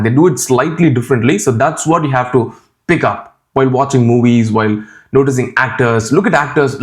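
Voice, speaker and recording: In a mid-range voice, a Tamil-speaking man with an Indian accent delivers a laid-back YouTube tutorial. His style is conversational and straightforward, frequently adding "man" and "right?".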